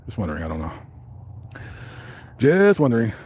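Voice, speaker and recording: A man's voice: mid-range voice, wildly swooping pitch, moderate pace, a little mellow, slightly rough. A man hosting a live stream, reading out viewer comments and joking in a rambling way with many fillers and restarts.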